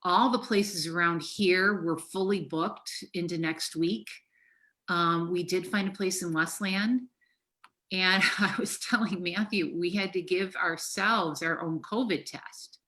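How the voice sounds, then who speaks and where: A woman's voice: on the low side, fairly even intonation, slow pace, sharp tone. A middle-aged woman therapist talking frankly and emotionally on a podcast, swearing freely. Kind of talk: casual podcast conversation.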